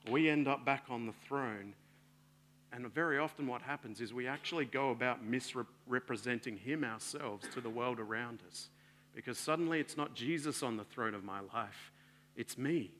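A man preaching a sermon in an earnest way, swelling louder and then sinking soft and low. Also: normal speed, slight background noise.

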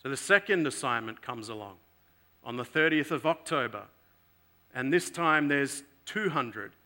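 A man with a mid-range voice preaches a sermon, telling a story earnestly and shifting between emphatic and hushed delivery.

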